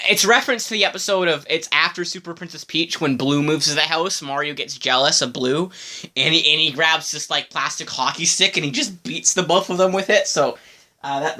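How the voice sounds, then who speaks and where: A man's voice: fairly high pitch, moderate pace, pushed and bright. A man giving casual reaction commentary on a video, stammering, giggling and apologizing as he talks.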